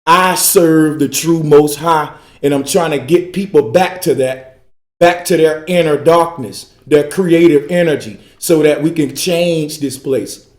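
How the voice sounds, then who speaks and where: A man's voice: fairly high pitch, unhurried, echoey room. A man giving a preachy esoteric lecture, emphatic and repetitive, dragging out key words for wordplay. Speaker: speaker in a group call.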